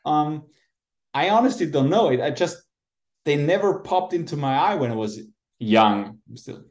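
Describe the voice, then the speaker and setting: A man's voice: on the high side, expressive, unhurried, darkish tone. A man, a podcast guest talking in a hesitant, easygoing way. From Austria. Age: 30s. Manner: hesitant, many fillers and restarts, easygoing. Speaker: guest, moped club president. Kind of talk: casual podcast interview.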